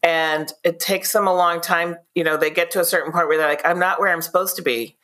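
A woman guest in an interview, a PR expert telling animated anecdotes in a blunt, straightforward way. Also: fairly low pitch, brisk. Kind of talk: casual interview storytelling.

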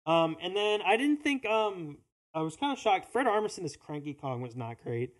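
A podcast co-host in casual chat, opinionated, with quick asides. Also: mid-range voice, very animated.

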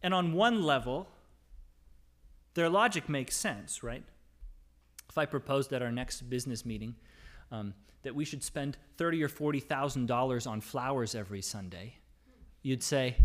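A man's voice: mid-range voice, normal speed. Man preaching with rising emphasis. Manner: expository preaching, reading scripture aloud and explaining it; dynamic delivery, rising for emphasis and dropping to soft, quiet phrases. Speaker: pastor. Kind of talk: sermon. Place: church.

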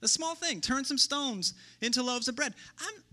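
A man preaching a sermon as pastor in a relaxed, conversational way, thinking aloud and asking rhetorical questions. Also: very high-pitched, normal speed.

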